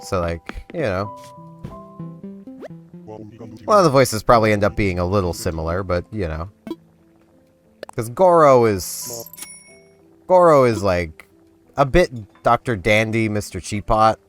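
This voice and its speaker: A man casually rambling while commenting on his gameplay, his voice hoarse and not yet warmed up. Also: on the low side, sing-song, unhurried, pauses often. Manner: rambling, chatty, self-deprecating. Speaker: gaming video host. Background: game music.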